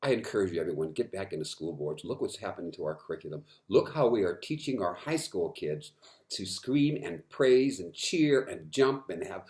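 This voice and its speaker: A man speaking to camera in an impassioned monologue, frustrated, swinging from quiet stretches to loud emphatic outbursts and repeating words when worked up. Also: sits low, lively intonation, moderate pace. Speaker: vlogger.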